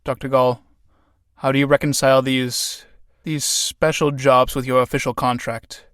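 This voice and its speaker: Stern factory boss, grave and measured, man reading him in a play reading, a bit lower, dry sound. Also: flat delivery, a bit bright, clear, resonant tone, no room sound, lightly acted. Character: stern male factory director, a husband.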